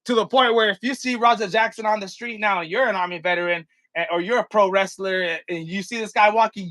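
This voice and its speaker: A man's voice: high voice, a bit bright, dry recording. A man vlogging a casual, slangy commentary rant, swearing freely and talking straight to his viewers while acting out what happened. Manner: acts out scenes with props while talking.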